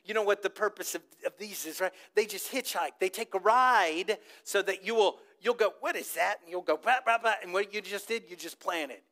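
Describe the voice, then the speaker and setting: Pastor, male, high-pitched, lively sermon storyteller who gets the crowd to echo him. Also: brisk, hardly any pauses. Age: adult with a child old enough to talk. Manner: animated storytelling, asks the congregation to repeat words.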